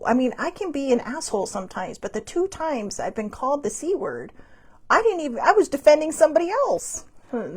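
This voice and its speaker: A woman's voice: sits high, darkish tone, husky. A woman hosting a live stream, talking in a rambling, chatty way, blunt and upbeat, laughing often. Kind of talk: casual chatty monologue. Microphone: phone or webcam on a live stream.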